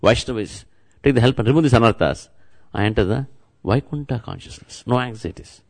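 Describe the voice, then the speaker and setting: Man, spiritual teacher, sermon, gravelly voice, repetitive chant-like delivery. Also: mid-range voice, brisk. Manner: repetitive, chant-like, addresses listeners directly. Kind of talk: devotional sermon.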